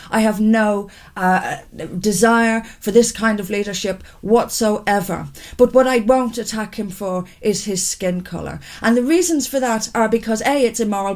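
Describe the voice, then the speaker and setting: A woman giving a firm, measured political commentary, reasoning point by point. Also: mid-range voice.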